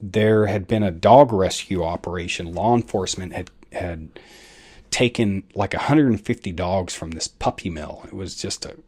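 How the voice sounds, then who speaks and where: A man's voice: low-pitched, moderate pace, darkish tone, husky. A man hosting a podcast and telling a personal story in a rambling way, full of fillers and self-corrections. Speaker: podcast host.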